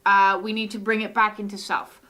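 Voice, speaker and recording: A woman's voice: mid-range voice, little pitch movement, fairly quick, pushed and bright. A middle-aged woman hosting a live oracle card reading from her home studio, talking in a soothing way with lots of "uh" fillers.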